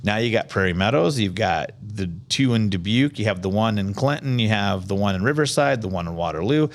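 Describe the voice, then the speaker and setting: A man from Iowa hosting a podcast, talking casually in an animated, rambling, opinionated way. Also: on the low side, fairly quick. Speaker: podcast host. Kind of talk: casual chat.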